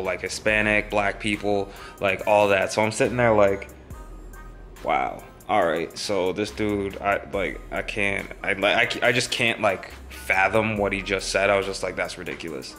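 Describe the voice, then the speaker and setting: A man's voice: fairly low pitch, a bit bright. A young man vlogging, telling a story in a rambling, casual way with many fillers.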